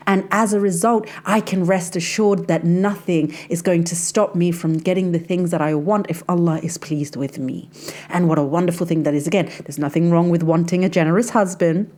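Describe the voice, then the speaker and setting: A woman with a slightly low voice talks in a casual, confiding way, hosting her faith podcast. She chats to the listener like a close friend, with lots of easy fillers. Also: a little mellow. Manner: chatty and confiding, addresses listener as sis, frequent "like". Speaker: podcast host and life coach.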